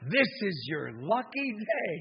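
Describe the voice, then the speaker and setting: A man voicing a burly railway worker who speaks loudly and urgently in a joke. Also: high voice, big pitch swings, unhurried, vocal fry, dull audio, voice pushed up, full character voice. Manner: loud, urgent.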